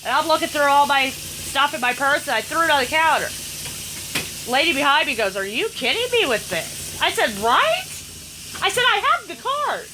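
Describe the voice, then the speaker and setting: A woman's voice: high-pitched, lively intonation, a little fast, background noise. A middle-aged woman telling a story in casual chat, acting out other people's lines. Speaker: family vlogger. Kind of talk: casual storytelling while playing a phone game.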